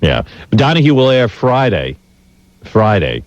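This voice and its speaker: A man's voice: lowish voice, sing-song, a little slow, dry recording. A man hosting a radio show, teasing and mocking his staff in casual banter. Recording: dull lo-fi radio broadcast.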